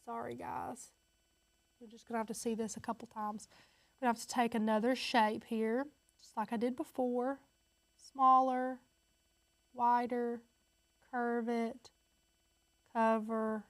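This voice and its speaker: A woman's voice: a little high, flat delivery, a little slow, pauses often, no echo. A woman hosting a casual step-by-step crafting tutorial, chatty and upbeat, talking straight to her viewers.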